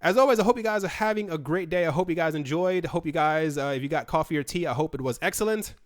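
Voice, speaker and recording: A man with a smooth, clear, slightly high voice talks through crypto news on his own channel. He rambles casually, stumbling over fillers and restarting his sentences. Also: fast talker. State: running out of breath. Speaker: crypto news video host. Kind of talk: casual solo commentary.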